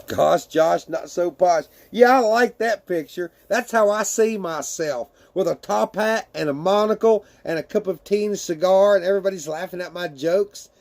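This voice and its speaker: High-voiced man chatting on a livestream. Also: moderate pace, hardly any pauses, a little mellow. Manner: laughs often, swears casually, talks to chat. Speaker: livestreamer reading chat. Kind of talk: casual livestream chat.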